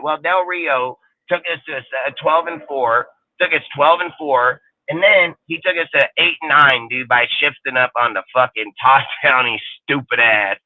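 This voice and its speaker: A man hosting a sports talk show in a casual, animated, rambling rant full of swearing. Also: mid-range voice, moderate pace, hardly any pauses, no echo. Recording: tinny phone-like line, dry.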